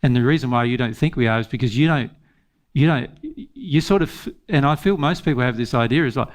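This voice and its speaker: A man's voice: medium pitch, quick pace. A man giving an informal spiritual teaching talk, earnest, repeating phrases and laughing often.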